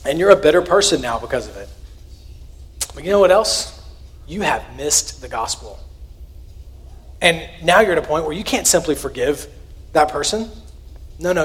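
A man, preaching a sermon. He talks to his congregation in a conversational, earnest way, with a slightly high voice that jumps up for emphasis and drops for quiet asides. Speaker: pastor.

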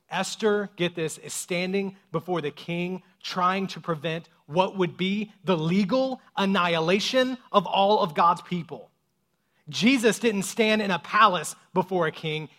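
Man, pastor, high voice, dynamic sermon delivery, loud-to-hushed swings.

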